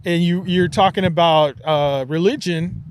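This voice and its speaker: A man with a fairly high voice chats on a podcast and spins a wild story with animated energy. He talks quickly in bursts and drops low for effect. A faint hiss sits under the recording. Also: low-quality recording. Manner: animated storyteller, excitable, swears casually. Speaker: podcast host. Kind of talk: casual chat.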